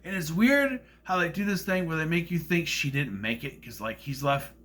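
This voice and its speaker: A man talks through a film in a loose, rambling review, his pitch swinging widely as he goes. His voice is bright and on the higher side for a man, and he keeps breaking into goofy voices to act out the characters' lines. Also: animated, normal speed. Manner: rambling, acts out quotes in silly voices. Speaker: movie reviewer. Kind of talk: casual film review monologue.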